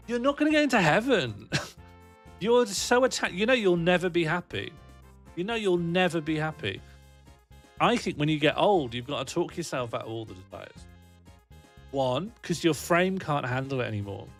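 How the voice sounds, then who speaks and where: A man's voice: on the high side, sing-song, moderate pace, faint music behind. Joking man rambling on livestream. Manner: rambling, joking, laughs often, answers chat. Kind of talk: casual livestream chat with viewers.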